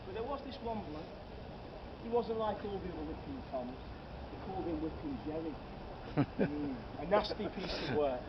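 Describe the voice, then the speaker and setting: Slightly high and expressive at a normal pace, the guide's voice comes from far off the mic. He spins comic ghost stories for his group on night-time city streets, playing it up theatrically and calling people sir and madam, with loud traffic noise on a lo-fi track.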